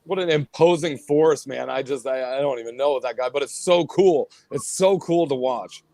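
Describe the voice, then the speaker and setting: Guy from a band telling stories on a podcast, middle pitch, dry mic, lively storyteller. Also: moderate pace, no echo. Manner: animated storyteller, acts out what others said. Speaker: guest musician, band vocalist and bassist. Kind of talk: casual interview chat.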